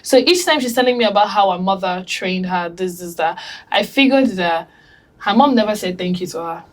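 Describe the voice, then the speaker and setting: A woman on a discussion panel, telling animated stories and acting out quotes from family. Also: medium pitch, normal speed. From Africa. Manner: animated storytelling, acts out quotes. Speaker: panel guest.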